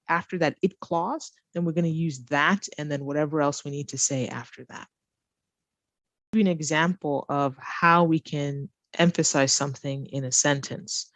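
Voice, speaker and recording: A woman's voice: low voice, no room sound, highs cut off. A woman teaching English as a second language, patiently walking through grammar exercises and asking the learner questions as she goes. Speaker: ESL teacher. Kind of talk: grammar lesson walkthrough.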